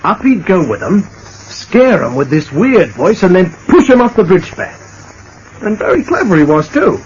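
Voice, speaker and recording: Direction: play a talkative, stammering sidekick with an Australian accent; old radio recording with hiss. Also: male voice, sits high, measured pace. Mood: chatty. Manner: stammering, excitable. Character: excitable working-class male sidekick, talkative. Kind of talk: 1940s radio acting. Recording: dull old radio transcription with faint hiss.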